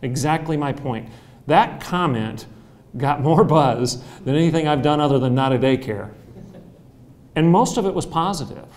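A man speaking as a university president on a conference panel, forthright and preacherly, building to loud, emphatic rhetoric. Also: a little high, animated, moderate pace. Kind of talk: panel discussion answer. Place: conference hall.

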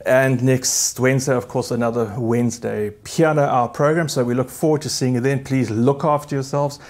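A man's voice: mid-range voice, steady tone, normal speed, a little mellow. Slightly breathless man hosting a recital. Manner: chatty, fond baby talk to his dogs. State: a little out of breath. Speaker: pianist hosting a streamed recital. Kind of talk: casual chat to camera. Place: music studio.

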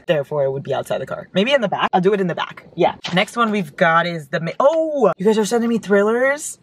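A woman chatting casually in a car as a book vlogger, gushing and excitable, her voice jumping up into squeals. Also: medium pitch, quick pace, few pauses, slightly rough. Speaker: book vlogger opening fan mail. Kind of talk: casual chat. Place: inside a parked car.

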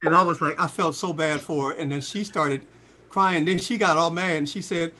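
A man in his sixties, a singer, telling lively stories in a casual interview and jumping into high voices for quotes. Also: normal speed, heavy background noise. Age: 60s. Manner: animated storyteller, jumps into high voices for quotes. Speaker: singer and guest.

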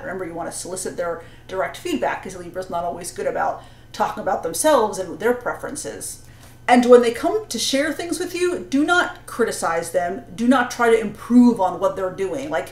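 Earnest woman giving parenting advice, roomy echo. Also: medium pitch. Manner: earnest, explanatory, with frequent "you know" and "right?". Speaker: parenting coach and astrologer. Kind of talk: advice talk to camera.

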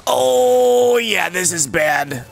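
A man's voice: high voice, animated, very slow, vocal fry, faint music behind. A man hosting a gaming channel, giving playful, jokey let's-play commentary.

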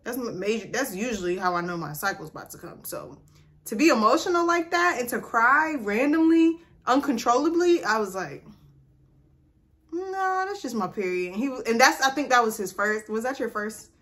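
A young adult woman telling a personal story to camera in a casual, animated vlog chat. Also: on the high side, a little fast. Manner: chatty, animated, addresses viewers. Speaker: vlogger.

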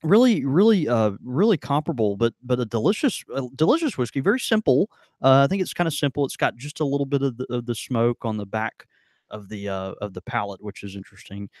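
A man's voice: mid-range voice, expressive, fast, darkish tone, no echo, clean studio sound. A man co-hosting a podcast, chatting casually and rambling with many fillers and restarts. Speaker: podcast co-host. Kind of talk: casual tasting chat. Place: in Mississippi.

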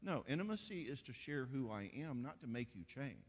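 Animated male preacher, mid-pitched, folksy, long hall echo. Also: normal speed, husky. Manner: folksy, animated, acts out quoted spouses. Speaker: pastor leading a marriage conference. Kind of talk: conference sermon. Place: church auditorium.

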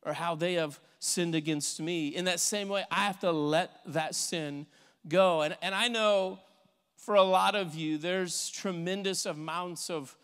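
A man's voice: high-pitched, a little slow, fairly bright tone, clean tone, big-room sound. A man preaching a sermon as pastor, earnest and conversational, often repeating words as he goes.

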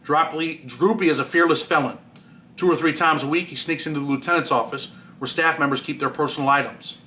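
Bright-voiced man reading a memoir. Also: on the high side, steady tone, brisk, slight background noise. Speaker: author reading his prison memoir.

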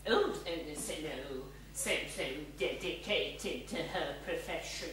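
A man's voice: on the high side, takes it slowly. A man playing a wry, theatrical male ghost in a one-man stage show, speaking in a stately way with joking asides. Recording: echoey theatre stage, mic far off, audience noise.

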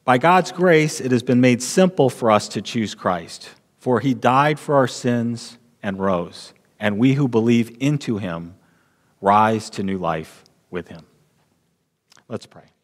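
A man preaching a sermon as pastor in a church sanctuary, measured and deliberate, repeating key lines for emphasis. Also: mid-range voice, expressive, big-room sound.

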